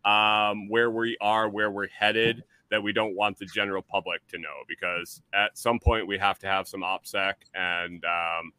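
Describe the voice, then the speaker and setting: A man's voice: on the low side, flat delivery, unhurried, hardly any pauses, sharp tone, smooth, no room sound, low-quality recording. A man appearing as a guest on a podcast, chatting in a laid-back, rambling way with some swearing. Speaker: guest, full-time RVer channel creator. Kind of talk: casual conversation.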